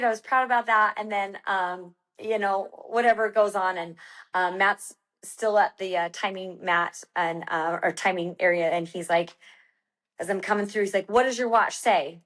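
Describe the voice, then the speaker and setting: A woman's voice: mid-range voice, moderate pace, fairly bright tone. A woman guest on a podcast, telling a story casually with many fillers and acting out her own quoted lines.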